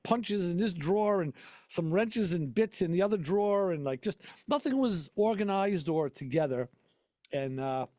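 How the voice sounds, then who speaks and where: A man's voice: a little high, a little mellow, dry recording, clean studio sound. A man hosting a casual talk show, a mechanic who tells rambling shop stories with frequent laughs. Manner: rambling storyteller, laughs often. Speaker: podcast host and auto mechanic. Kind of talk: casual chat.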